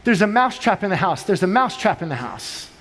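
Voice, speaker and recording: A man's voice: high voice, very animated, fast talker, a bit bright, faint music behind, heavily acted. A man voicing a frightened little male mouse who begs the farm animals for help, told as part of a sermon story. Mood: pleading. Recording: long church hall reverb.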